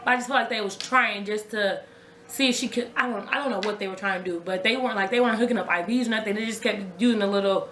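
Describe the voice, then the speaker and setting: A fast-talking young vlogger shares a raw personal story with her viewers, casual and conversational, often saying things twice. Her voice is mid-range and a bit bright, recorded with a roomy sound and a little hiss or hum.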